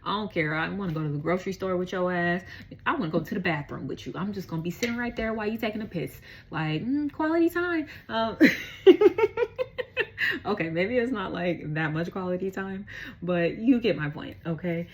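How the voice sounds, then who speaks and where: A woman's voice: on the low side, a little fast, poor audio. A woman giving a casual tarot reading, chatty, slangy and profane, laughing often. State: out of breath. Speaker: tarot reader.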